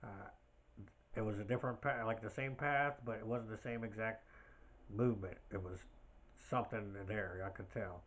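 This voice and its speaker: A man's voice: on the low side, moderate pace, fairly bright tone. A man hosting a podcast, talking alone in a rambling, hesitant way with many fillers and restarts. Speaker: podcast host. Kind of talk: casual podcast monologue.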